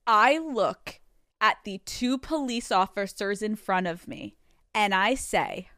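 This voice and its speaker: A woman hosting a solo podcast in a studio, telling a story in an animated, profane way. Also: medium pitch, takes it slowly, no room sound. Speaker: podcast host.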